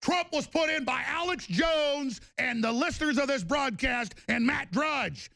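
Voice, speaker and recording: A man's voice: extremely high pitch, lively intonation, moderate pace, vocal fry, few pauses, pushed and bright, dry recording. A man hosting a talk radio show, delivering heated and emphatic commentary full of repetition. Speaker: radio host.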